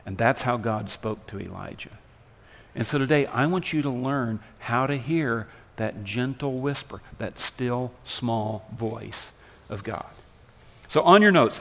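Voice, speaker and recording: A man preaching a sermon, his delivery swinging between loud emphatic lines and soft hushed ones. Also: on the high side, long reverb tail. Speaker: pastor.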